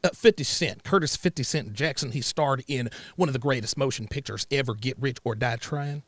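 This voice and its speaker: A man's voice: medium pitch, fairly quick, fairly bright tone, no echo, lightly acted. A man playing a pushy white southern man on a date, asking prying, roundabout questions in a comedic role-play.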